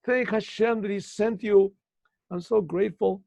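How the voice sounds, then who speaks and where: A man's voice: sits high, steady tone, moderate pace, gravelly, a little mellow, no room sound, voice pushed up. A man voicing a desperate, poor woman who pleads tearfully, heard over dull lo-fi call audio. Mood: pleading grateful.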